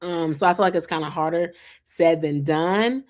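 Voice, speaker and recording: A young adult woman from the United States who hosts a vlog and chats casually to her viewers. She is animated and fills her talk with "like" and "um" and asides of "child". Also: on the low side, moderate pace. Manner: chatty and animated, with lots of "like" and "um" fillers and asides of "child". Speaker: vlog host reviewing a reality show. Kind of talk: casual chat to camera.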